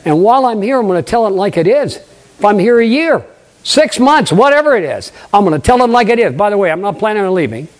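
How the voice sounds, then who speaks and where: An older man, a pastor, preaching a lively sermon, acting out conversations and questioning his congregation. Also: sits high, quick pace. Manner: animated preaching, acts out dialogue, asks the congregation questions.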